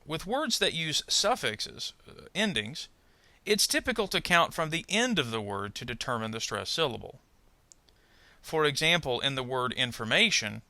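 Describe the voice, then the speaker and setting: A man narrating a pronunciation lesson, speaking carefully and modelling example words slowly. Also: on the high side, pushed and bright, no echo. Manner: slow, careful, modelling word stress. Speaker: ESL pronunciation teacher. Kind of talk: scripted instructional narration.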